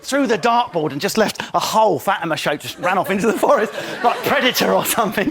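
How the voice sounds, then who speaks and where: A man's voice: high voice, expressive, fast talker, creaky, hardly any pauses. A man doing a mocking comedy monologue as a panellist on a live TV studio show, often mimicking people in silly voices. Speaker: comic panellist. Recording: loud studio audience laughing.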